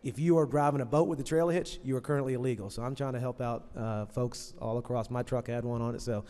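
A man's voice: medium pitch, steady tone, fast, warm tone. A man presenting a bill to a committee in a conversational, lightly joking way. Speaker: state legislator presenting a bill. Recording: echoey hearing room.

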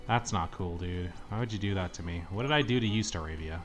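A young man commenting on his gameplay, complaining dramatically and yelling at the game when things go wrong. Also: sits low, quick pace. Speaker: let's-play gamer. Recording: faint game music behind.

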